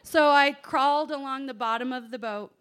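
A woman telling a personal story to an audience, animated, swinging from hushed asides to loud exclamations. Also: sits high, moderate pace, clean tone. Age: adult parent.

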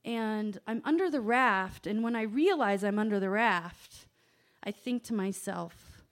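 A woman telling a personal story to an audience, animated, swinging from hushed asides to loud exclamations. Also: medium pitch, a little slow. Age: adult parent.

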